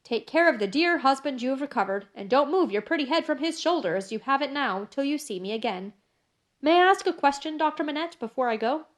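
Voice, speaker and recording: A woman reading the part of a brisk, stubborn, fiercely loyal English maid, speaking emphatically in an audiobook. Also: high voice, lively intonation. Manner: emphatic, brusque.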